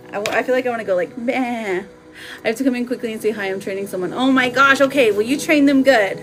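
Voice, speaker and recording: Playful high-voiced woman tarot streamer. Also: racing, hardly any pauses, faint music behind. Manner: chatty and playful, laughing often. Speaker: live tarot reader. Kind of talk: live-stream oracle card reading.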